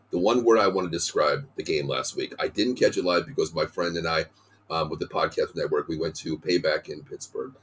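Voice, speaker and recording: Hoarse deep-voiced man hosting a podcast. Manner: excited, talks in quick bursts of stats. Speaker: podcast host. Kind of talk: casual sports podcast talk.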